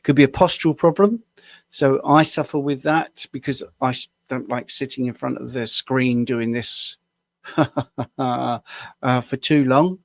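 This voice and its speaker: A man's voice: medium pitch, steady tone, slow pace, creaky, a bit bright, no echo, clean studio sound. A man from the UK, a health coach, answering viewer questions on a live stream in a casual, rambling way with small self-deprecating laughs, tired after a long day at the screen. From United Kingdom.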